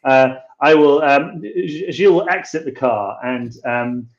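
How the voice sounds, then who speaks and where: A man playing a tabletop roleplaying game, describing his character's actions in an animated, joking way. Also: mid-range voice, a little slow, echoey room, lo-fi sound. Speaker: player.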